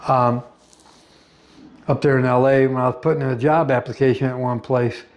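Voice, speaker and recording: A middle-aged American man in a rambling personal monologue, blunt and profane, pausing often with fillers. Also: medium pitch, little pitch movement. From United States. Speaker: vlogger.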